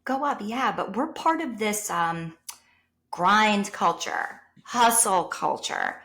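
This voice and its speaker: Woman, New York accent, teacher, animated, storytelling, quotes people in voices. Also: mid-range voice, takes it slowly. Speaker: podcast guest, teacher. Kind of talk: casual conversation.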